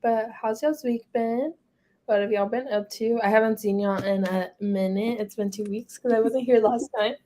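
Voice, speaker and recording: A woman's voice: a little high, steady tone, normal speed, warm tone. A young woman hosting a podcast in laid-back, friendly casual chat. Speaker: podcast host.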